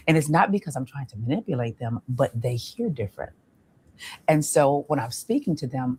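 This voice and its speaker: A woman relationship coach talking in a podcast interview, explaining in a measured way with pauses. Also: low-pitched, expressive, a little mellow, a little hiss or hum.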